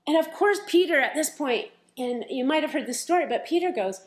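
A woman preaching a sermon, retelling scripture stories in a lively, conversational way. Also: high-pitched, a little fast.

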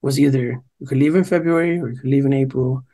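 A man's voice: mid-range voice, steady tone, fast, warm tone. A young man from New Jersey, co-hosting a podcast, telling a long, profane story in casual chat and quoting other people's lines. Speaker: podcast co-host.

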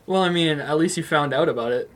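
A man's voice: on the high side, fast. A young man co-hosting a casual podcast chat, rambling with lots of fillers and easy laughter. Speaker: podcast co-host.

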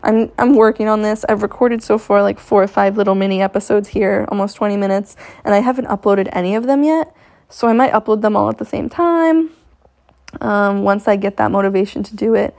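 A woman's voice: mid-range voice, fairly quick, a little mellow. A woman hosting her own podcast, talking on her own in a blunt, profane, motivational way. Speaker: podcast host. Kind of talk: casual solo podcast monologue. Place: home in Maine.

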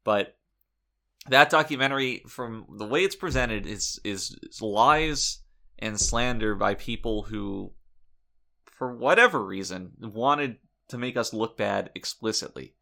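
A man's voice: on the low side, animated, measured pace, vocal fry, pushed and bright. A man co-hosting a comedy podcast, ranting in mock indignation and swearing freely. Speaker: podcast co-host. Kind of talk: comedic in-character podcast chat.

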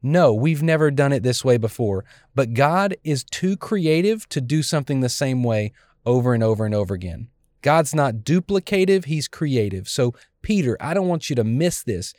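A man pastor preaching a sermon in an animated way, acting out the scenes of the scripture he is teaching. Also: medium pitch, normal speed, dry recording, clean studio sound.

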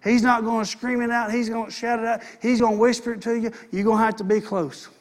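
A man's voice: very high-pitched, little pitch movement, fast. A man preaching a sermon as pastor, earnest and repeating phrases for emphasis.

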